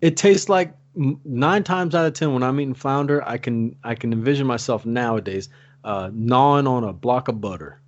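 A man from Louisiana chatting casually on a fishing podcast in a relaxed, laid-back way. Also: mid-range voice, moderate pace, highs cut off.

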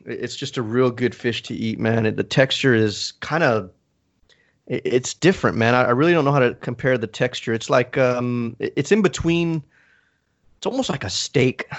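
A man's voice: mid-range voice, highs cut off. A man on a casual fishing podcast who talks enthusiastically and keeps searching for the right words.

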